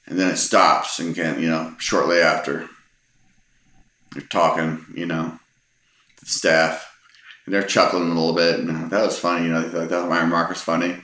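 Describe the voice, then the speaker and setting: A man's voice: low voice, little pitch movement, normal speed, long pauses, bright, forceful tone. A middle-aged man from Texas telling personal anecdotes in a casual, rambling way with frequent ums and restarts. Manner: rambling, hesitant, many ums. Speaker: storyteller. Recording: echoey room.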